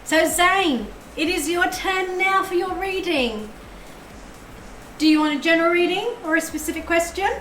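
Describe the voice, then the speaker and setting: A woman's voice: very high-pitched, normal speed, a bit bright, echoey room, a little hiss or hum, low-quality recording. A woman streaming live tarot readings, chatting effusively and thanking her viewers as she goes.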